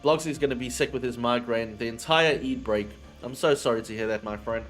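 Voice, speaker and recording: A man's voice: medium pitch, fairly quick, faint music behind. A man chatting casually with his chat audience on a livestream. He swears freely and drifts between topics.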